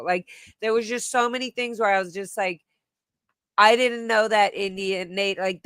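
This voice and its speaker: Woman host, casual chat, bright voice, smooth tone, emotional, swearing. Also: on the low side, no echo.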